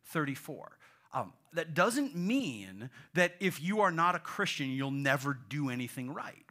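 A man preaching a sermon in an animated way, acting out voices and dropping to a whisper for effect. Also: a little high. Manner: animated, acts out voices, swings from loud to whispered. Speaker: pastor.

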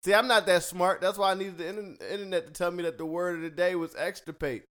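A man's voice: high voice, fairly even intonation, fast, fairly bright tone. A man hosting a casual podcast from a home studio, loose and joking, laughing often. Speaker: podcast host.

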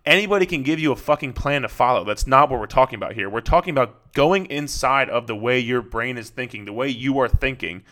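A man's voice: mid-range voice, fairly quick, hardly any pauses, a bit bright. A man who is a fitness coach, talking on his podcast in a blunt, casual way, swearing often and repeating himself to drive the point home. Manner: blunt, profane, repetitive coaching talk.

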